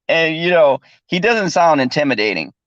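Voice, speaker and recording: Laughing often and swearing without restraint, the man hosts a casual, loose podcast conversation. His voice is on the high side and a bit bright, captured in a dull, dry lo-fi recording without echo.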